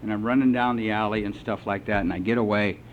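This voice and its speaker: Give me a salty, animated man sharing his story at a recovery meeting, with a faint hum under him. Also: lowish voice, fast, phone-quality sound. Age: older. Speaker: AA meeting speaker.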